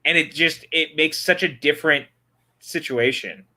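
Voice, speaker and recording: A man's voice: on the high side, moderate pace, bright, forceful tone. A man co-hosting a casual movie watch-along, chatting enthusiastically about the film. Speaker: podcast co-host.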